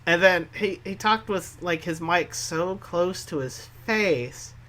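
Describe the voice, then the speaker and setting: A man co-hosting a casual podcast chat about online wrestling, animated and quick to jump in with asides. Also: sits high, a crowd in the background. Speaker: co-host.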